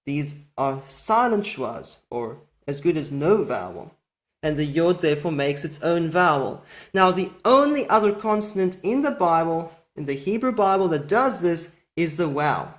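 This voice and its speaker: Methodical teacher slowing down for examples. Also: mid-range voice, big pitch swings. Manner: methodical, slows down to spell out example words. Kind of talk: recorded explanatory lesson.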